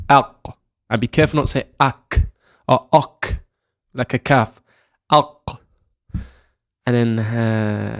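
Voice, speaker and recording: A man's voice: mid-range voice, creaky. A man with a British accent teaching Arabic pronunciation. He drills each syllable over and over and keeps checking in with "right?". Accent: British English. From Britain. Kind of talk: slow, patient pronunciation lesson.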